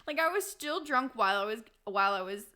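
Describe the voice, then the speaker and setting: A woman's voice: fairly high pitch, animated, brisk, pushed and bright, smooth. A young woman from Wisconsin, co-hosting a podcast and telling candid stories with frequent laughs. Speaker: podcast co-host. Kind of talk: casual chat.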